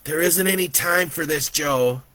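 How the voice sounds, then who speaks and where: A man voicing an urgent, ghostly little boy who speaks with slow, solemn insistence. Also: medium pitch, expressive, bright, forceful tone, dry recording, voice pushed up, full character voice. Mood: impatient. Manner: pleading, commanding, slow and emphatic.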